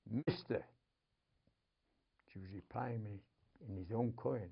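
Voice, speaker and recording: Gravelly older man from Manchester. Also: fairly low pitch, slow pace, lo-fi sound. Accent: Manchester English. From England. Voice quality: gravelly, husky. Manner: emotional storyteller, dropping to whispers and rising to urgent outbursts. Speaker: guest. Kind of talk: storytelling in a TV interview.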